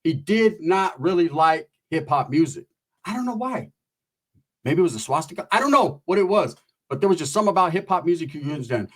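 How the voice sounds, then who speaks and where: Brief: middle-aged male comic, husky and a bit high-pitched, loose and profane, slips into characters mid-story. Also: brisk. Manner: profane, animated, acts out quoted voices. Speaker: comedian storyteller. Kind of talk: stand-up storytelling.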